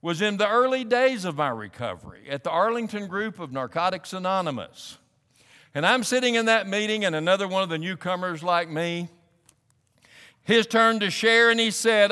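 A man preaching a sermon as a pastor, animated and building up to emphatic, pressing questions. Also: high-pitched, moderate pace, clear, resonant tone, long reverb tail. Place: church sanctuary.

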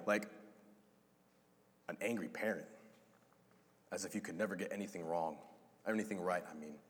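A low-voiced man preaching a sermon with lively delivery, acting out the voices in the passage he tells. His words ring with a long reverb, as in a large hall. He talks casually to the congregation. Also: moderate pace, pauses often. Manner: animated, acts out voices of God and Adam. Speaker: pastor.

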